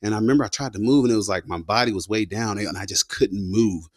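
Man, deep-ish voice, dry recording, slangy, rambling, war-story teller. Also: fast, no echo. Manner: loose and slangy, peppered with "you know" and "man". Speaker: combat veteran guest telling his story. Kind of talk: casual spoken storytelling.

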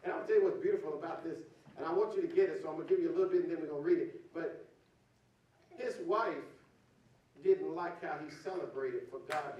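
Male pastor, sermon delivery that builds to shouting, recorded far off in a reverberant church with faint room noise. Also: fairly high pitch, muffled recording. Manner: preaching, climbing into shouts, addressing congregation as y'all. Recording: echoey hall, distant mic, faint ambience.

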